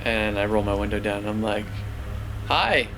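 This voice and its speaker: A man's voice: lowish voice, monotone, quick pace, over music. A man, a filmmaker interviewee, telling a casual anecdote in a rambling way full of fillers. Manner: rambling, filler-heavy storytelling.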